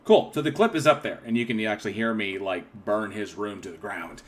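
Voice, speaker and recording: A man hosting a casual livestream, reading chat comments aloud and rambling with frequent throat clearing and restarts. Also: lowish voice, brisk. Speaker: channel host.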